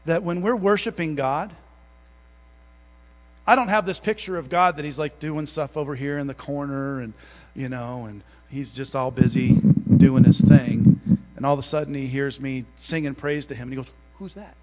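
A man in his thirties preaching a conversational sermon, telling folksy stories with self-deprecating asides and building to a slow, fervent conviction. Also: mid-range voice, fairly even intonation, slight background noise. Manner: builds to a louder, slower fervor. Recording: tinny, phone-like sound in a long reverberant hall.

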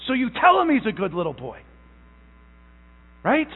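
High-pitched man preaching in an echoing hall. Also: wildly swooping pitch, husky. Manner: emphatic, stretches out key words; repeats phrases, halting restarts. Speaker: pastor. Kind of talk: sermon. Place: church sanctuary. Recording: tinny phone-like sound in a long-echo hall.

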